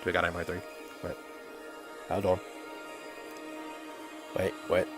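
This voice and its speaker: A man's voice: sits low, completely flat delivery, slow pace, fairly bright tone, faint music behind. A man livestreaming while he works, chatting casually and thinking aloud to his viewers. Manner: rambling, thinks aloud, talks to chat.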